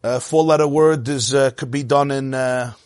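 A man teaching a Torah class, animated, asking rhetorical questions and answering them himself, with a lively rise and fall and frequent laughs. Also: mid-range voice, normal speed, no echo, clean studio sound.

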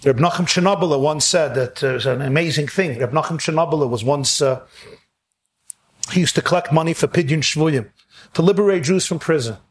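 A man giving a sermon with a storyteller's manner, earnest and slowing down to stress key phrases. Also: a little high. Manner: earnest, with slowed, stretched emphasis on key phrases.

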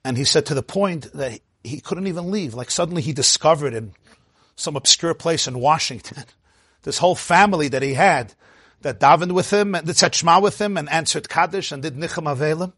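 A man's voice: on the high side, fairly quick, a bit bright, slightly rough, no echo, studio quality. A man, a rabbi, giving a storytelling sermon in an emphatic, heartfelt way.

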